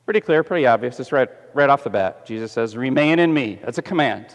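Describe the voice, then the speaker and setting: A man preaching a sermon as pastor, animated and putting questions to the congregation, kids included. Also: medium pitch, fast. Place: church sanctuary. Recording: echoey church hall.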